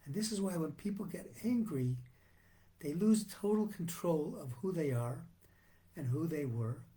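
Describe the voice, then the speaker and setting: A male rabbi giving a sermon on the weekly Torah portion in a measured, earnest teaching manner with frequent restarts. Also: on the high side, mellow.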